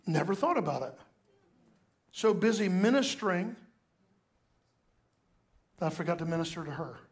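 An older male pastor delivering a sermon with a high, light voice. He tells stories and swings between hushed moments and loud, emphatic bursts. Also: very animated, moderate pace.

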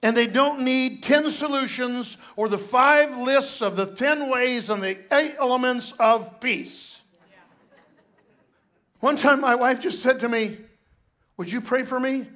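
An older male pastor delivering a sermon with a high, light voice. He tells stories and swings between hushed moments and loud, emphatic bursts. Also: takes it slowly.

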